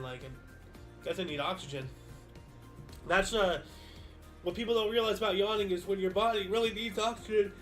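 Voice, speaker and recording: A man's voice: sits high, pushed and bright. A man hosting a daily history show, reading dated events aloud and musing about them in a casual, rambling way with many fillers and self-corrections. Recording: faint background music.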